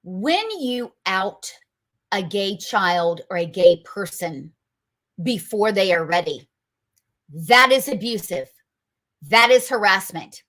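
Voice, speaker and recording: A woman hosts a political commentary show, talking in an emphatic, combative way. She keeps throwing rhetorical questions at her listeners. Her voice is bright and sharp, sitting at an ordinary pitch for a woman. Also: expressive, takes it slowly. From North Carolina, US.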